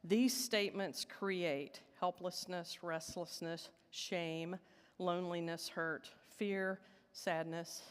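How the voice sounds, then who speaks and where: A woman teaching at a church service, leading the congregation in call and response and stating each "I am" line with slow emphasis. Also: mid-range voice, long reverb tail. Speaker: licensed Unity teacher giving the talk. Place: church sanctuary.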